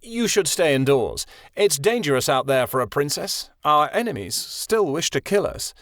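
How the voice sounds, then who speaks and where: A man voicing a scheming villainous king with a slow, sickly sweet drawl. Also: on the high side, sing-song, a bit bright, no echo, studio quality. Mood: coaxing. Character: sinister scheming king, smooth and coaxing.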